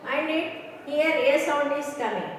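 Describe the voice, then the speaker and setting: Woman teacher, slow delivery, repeats words, long hall-like echo, faint room noise. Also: high-pitched. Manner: slow, repetitive, keeps checking students understand. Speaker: English teacher. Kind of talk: recorded pronunciation lecture. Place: classroom or room with a board. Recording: echoey room, voice far from the mic.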